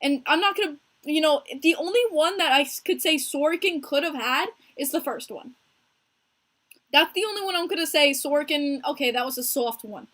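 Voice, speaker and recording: Young american girl with a high voice, chatting hockey on her stream, lively and talky, calls out her viewers. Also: normal speed. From United States. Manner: animated and chatty, answering viewers by name. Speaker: podcast host streaming live with chat. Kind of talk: casual hockey chat.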